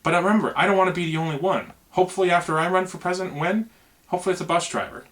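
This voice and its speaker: A man speaks casually to the camera, sincere and a little scattered, his sentences looping back with "you know" as he explains his plans. His voice sits a touch high for a man. He sounds like an ordinary working guy making his own campaign video. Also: steady tone, very fast, a bit bright. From United States. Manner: earnest, rambling, conversational, many "you know"s. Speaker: truck driver running for president.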